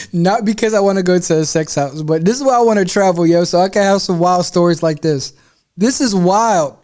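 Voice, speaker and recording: A man hosting a reaction video, giving excited, amused casual commentary with slang. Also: high-pitched, a little fast.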